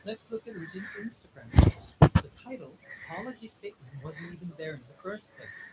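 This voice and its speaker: A man's voice: high-pitched, lively intonation, brisk. A man doing a casual reaction commentary, translating and explaining, who gets worked up and swears as he talks. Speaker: video commentator. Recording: mic from far off, loud noise behind.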